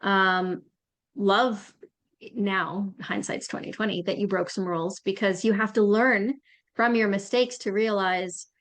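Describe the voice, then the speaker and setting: A woman's voice: medium pitch, fairly even intonation, measured pace, a bit bright. A woman hosting a podcast, asking questions and reflecting aloud in a conversational interview. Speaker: podcast host.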